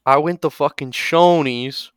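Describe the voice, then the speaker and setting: A man's voice: on the high side, measured pace, a bit bright, smooth, no echo, studio quality, voice pushed up. A man putting on a rowdy drunk frat bro. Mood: boastful. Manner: brash, rowdy, swearing. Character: loud, boastful drunk frat guy.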